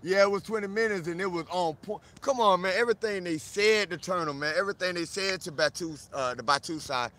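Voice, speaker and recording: Live-streaming outdoors in a park, a man from South Florida chats casually and animatedly, greeting viewers by name. His voice is high-pitched and brisk, with few pauses.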